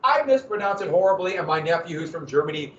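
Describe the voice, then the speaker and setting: Animated American man lecturing in an echoey room. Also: on the high side, fast talker. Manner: animated, asks questions and answers them. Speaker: history teacher. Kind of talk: classroom lecture. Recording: echoey room, distant mic, muffled.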